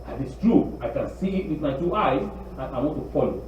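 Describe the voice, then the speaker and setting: A man's voice: medium pitch, lively intonation, a little fast, darkish tone, a little hiss or hum. A man preaching a sermon as a rabbi, emphatic and repeating his phrases for weight. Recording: very echoey room, distant dull lo-fi mic.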